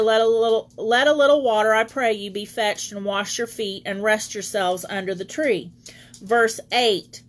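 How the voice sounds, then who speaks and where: A woman leading an online Bible teaching as preacher, reading scripture aloud and greeting viewers by name. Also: medium pitch.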